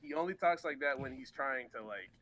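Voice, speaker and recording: A man's voice: mid-range voice, animated, fairly quick, bright, forceful tone. A man who makes abridged parodies, chatting laid-back on a podcast with stumbling restarts. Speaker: abridged series creator. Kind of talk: casual podcast chat.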